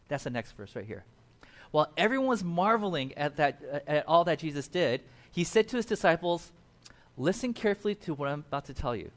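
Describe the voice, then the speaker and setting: Male pastor, slightly higher voice, casual animated sermon style. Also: fast talker. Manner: animated storytelling, acts out quotes.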